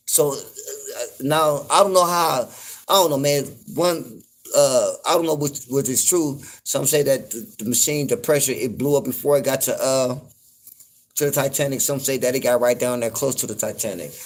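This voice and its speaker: A man hosting his own show, talking in a loose, rambling commentary full of fillers and cursing, getting loud and incredulous when something riles him. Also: mid-range voice, moderate pace. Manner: laid-back, rambling, frequent fillers and profanity. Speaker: podcast host. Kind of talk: casual commentary monologue.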